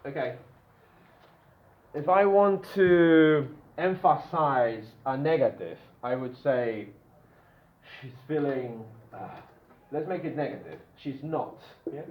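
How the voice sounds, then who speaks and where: A man teaching an English grammar class, animated and repetitive, checking in with "yeah?" after nearly every point. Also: medium pitch, measured pace, echoey room, highs cut off.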